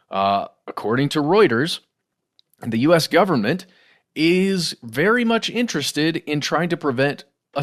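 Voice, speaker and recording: A middle-aged man co-hosting a podcast, talking through news stories in a loose conversational way and calling listeners "guys" and "y'all.". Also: mid-range voice. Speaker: podcast co-host. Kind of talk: casual news discussion.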